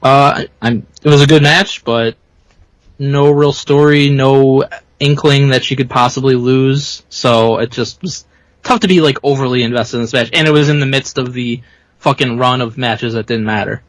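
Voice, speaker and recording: A man's voice: mid-range voice, normal speed, no room sound, rough recording. A man co-hosting a wrestling podcast, blunt and defensive, swearing freely in casual banter. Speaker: podcast co-host.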